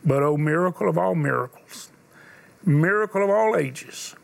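A man's voice: a little high, moderate pace, gravelly. Older male preacher, earnest storyteller. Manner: earnest preacher, drops to a hushed voice for emotional moments. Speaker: TV host and preacher. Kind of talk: christian talk show conversation and storytelling.

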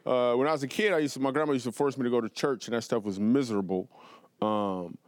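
A man doing stand-up comedy storytelling in a TV studio, animated and playful, with quick asides to the audience. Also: medium pitch, dry recording. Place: television studio before a live audience.

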